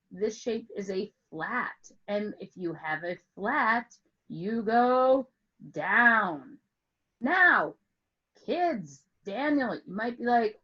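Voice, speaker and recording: Woman music teacher telling a silly story slowly, kinda high voice, muffled call sound. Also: pushed and bright, husky. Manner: playful storytelling, asks questions, drawn-out emphasis. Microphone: online call with screen share.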